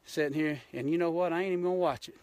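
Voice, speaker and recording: A man's voice: on the high side, steady tone, rapid-fire, darkish tone, no echo. Fired-up Georgia man ranting outdoors. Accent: Southern US, Georgia. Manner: fired-up, blunt, folksy. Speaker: hunting show host. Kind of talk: impassioned live-stream rant. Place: outdoors on a mountain.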